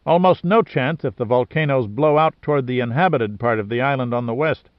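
A man reading the part of a precise, measured male scientist giving a technical briefing. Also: medium pitch, dry recording, close to an everyday voice. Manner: precise, explanatory. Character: measured male volcano scientist, matter-of-fact. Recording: dry, slightly dull lo-fi sound.

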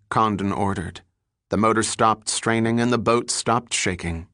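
A man reading an adventure novel aloud in measured, scripted narration. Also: on the low side, bright, forceful tone, no echo, studio quality. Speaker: audiobook narrator.

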